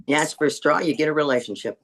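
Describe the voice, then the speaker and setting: A woman in her sixties telling stand-up stories on a video call, wry and deadpan with indignant asides. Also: low-pitched, fast talker, noisy background. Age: 60s. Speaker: stand-up comedian. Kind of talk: stand-up storytelling.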